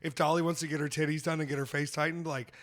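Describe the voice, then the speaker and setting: A man's voice: on the high side, flat delivery, racing. Guy hosting a comedy podcast, swears a lot, laughs mid story. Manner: loose, profane storytelling with frequent laughs. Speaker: podcast host. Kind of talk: casual comedic chat.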